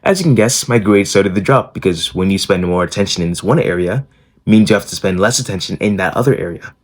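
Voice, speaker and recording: A man's voice: low-pitched, quick pace. A young man telling a personal story in a blunt, casual vlog, swearing freely. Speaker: self-improvement YouTuber.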